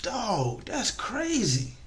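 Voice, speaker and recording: A man's voice: sits high, very slow, slight background noise. A young man giving casual, frustrated commentary over a football video game, swearing often and shifting between rants and storytelling. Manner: frustrated, animated, swears a lot, African American Vernacular English speech patterns.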